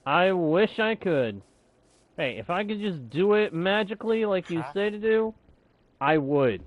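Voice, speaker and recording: A man's voice: high voice, lively intonation, unhurried, narrow, tinny audio. A man hosting a live game stream, chatting casually and jokingly with viewers and the game. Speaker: streamer and channel host.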